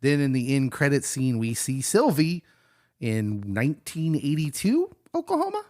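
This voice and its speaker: A man co-hosting a casual chat, his pitch swinging up and down as he talks. He sounds enthusiastic and jokey, and now and then he breaks into bursts of excitement. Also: normal speed. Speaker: podcast co-host. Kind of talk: casual watch-along chat.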